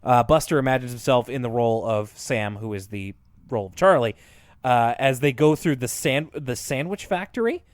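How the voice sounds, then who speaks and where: A man co-hosting a podcast in casual chat, retelling cartoon scenes in an animated way, with lots of fillers and laughs. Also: mid-range voice, moderate pace, no room sound. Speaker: podcast co-host.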